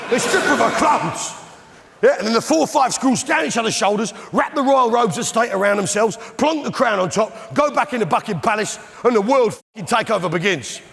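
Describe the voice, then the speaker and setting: Blustering English comedian in a big theatre. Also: male voice, high-pitched, vocal fry, big-room sound. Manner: blustering, bellowing, loudly indignant. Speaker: stand-up comedian in pub landlord character. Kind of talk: stand-up comedy. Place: large theatre with live audience. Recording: live theatre recording with crowd laughter. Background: audience laughter.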